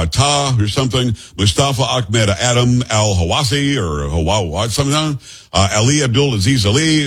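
Blunt, heated husky man ranting. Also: mid-range voice. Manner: blunt, heated, stumbles over names. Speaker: host. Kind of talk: opinionated news commentary.

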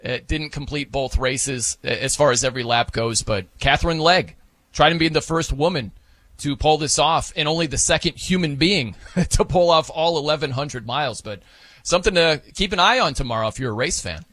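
Guy on a sports show, bright tense voice, dry close sound, gets animated. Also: on the high side, normal speed, no room sound. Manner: animated, laughs, acts out wrestling announcers. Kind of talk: casual sports talk.

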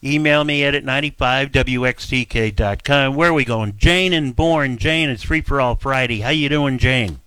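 Bright-voiced male radio host. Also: mid-range voice, smooth, dry recording. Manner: brisk, jokey, chats freely with callers. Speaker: radio talk show host. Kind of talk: call-in radio chat.

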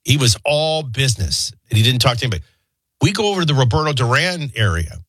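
A man hosting a talk show, rambling through childhood anecdotes and a quick sports rundown. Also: mid-range voice, big pitch swings, fairly bright tone, breathy edge, no room sound. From New Orleans area. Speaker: talk radio host. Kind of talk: casual storytelling and sports rundown.

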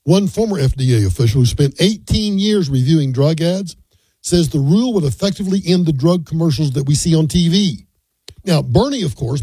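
A man's voice: on the high side, warm tone, slightly rough, no room sound, rough recording. An older man hosting a talk radio show, giving folksy, opinionated commentary.

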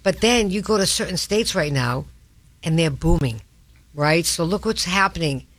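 A woman's voice: on the low side, animated, normal speed, no echo. A woman with a Boston North Shore accent hosting a talk radio show, blunt and emphatic in casual chat. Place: radio studio.

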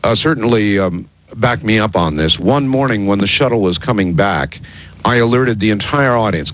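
A man's voice: fairly low pitch, animated, moderate pace, fairly bright tone, poor audio. A man hosting a late-night radio talk show, rambling with lots of ums and uhs. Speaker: radio host. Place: radio studio in the desert.

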